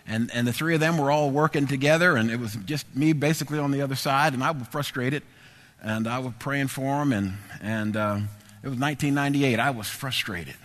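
A man's voice: mid-range voice, a little fast. A middle-aged man preaching and telling a personal testimony, emphatic and repetitive. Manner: emphatic, repetitive, animated storyteller. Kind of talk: sermon testimony storytelling. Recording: echoey hall reverb.

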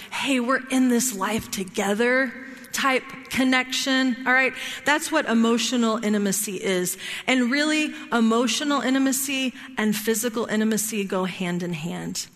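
A woman leads a marriage class in a relaxed, talky way, checking in with her listeners every few sentences. Her voice is bright and forceful. The sound rings with the long reverb of a large hall. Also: on the high side, moderate pace. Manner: checks in often with "right?" and "all right?". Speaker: marriage workshop teacher. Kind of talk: conversational teaching talk.

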